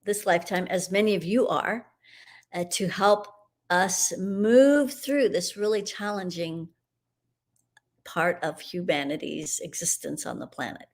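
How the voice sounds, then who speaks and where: A middle-aged woman hosting a live broadcast and leading a guided energy clearing in a meandering, soothing, spiritual way. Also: lowish voice, a little slow. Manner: meandering, spiritual, soothing, with soft laughs and fillers.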